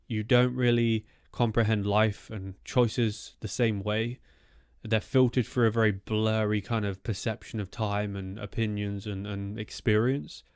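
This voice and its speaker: A man's voice: fairly low pitch, clean tone, no room sound, studio quality. A man narrating an eerie true-life story in a loose, conversational way, with asides and fillers.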